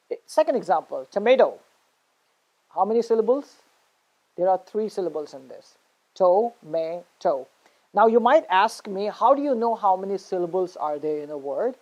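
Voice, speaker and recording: A woman's voice: mid-range voice, a little mellow, low-quality recording. A woman teaching a spoken English class, explaining step by step in an encouraging way with many fillers. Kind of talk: online spoken English lesson.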